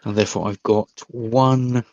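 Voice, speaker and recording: A man's voice: fairly low pitch, steady tone, a little slow, a little mellow, no echo, dull audio. A man playing a tabletop game, musing and hesitant as he works out his options. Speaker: player. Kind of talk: casual tabletop play.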